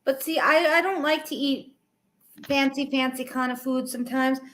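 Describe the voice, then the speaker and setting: A woman's voice: high-pitched, steady tone, moderate pace, a bit bright. A woman from the Chicago suburbs with a Chicago accent, chatting casually and laid-back on a podcast. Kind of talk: casual chat.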